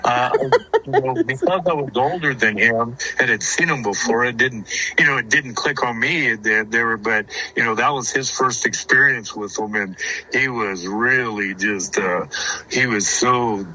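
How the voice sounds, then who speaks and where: A man's voice: mid-range voice, a little slow, bright, forceful tone, a little hiss or hum, poor audio. A man, a guest on a show, telling hunting stories in a rambling way, repeating words and chuckling. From Arizona. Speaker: guest, houndsman. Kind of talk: casual storytelling.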